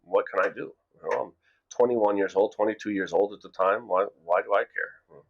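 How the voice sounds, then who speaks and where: A middle-aged man from the United States speaks in a low, gravelly voice with a lot of fry. He tells a story to camera in a loose, rambling way, restarting and repeating words as he goes. The recording sounds dull and lo-fi. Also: moderate pace. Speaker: vlogger. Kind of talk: casual storytelling monologue.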